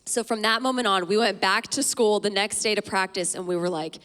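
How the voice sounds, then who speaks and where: Young female guest speaker, chatty animated storyteller, mid-range voice. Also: medium pitch, brisk, long reverb tail. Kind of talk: storytelling in a sermon. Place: church stage before an audience.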